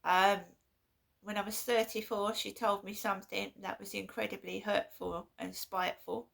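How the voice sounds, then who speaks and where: A woman vlogging in a casual monologue, halting and repeating herself with an aggrieved tone. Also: medium pitch, level tone, gravelly, fairly bright tone.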